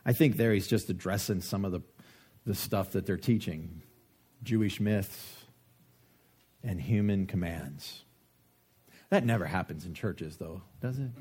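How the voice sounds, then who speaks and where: Husky preacher, joking and animated. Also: male voice, lowish voice. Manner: joking, animated, asks rhetorical questions. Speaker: pastor. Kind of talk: sermon.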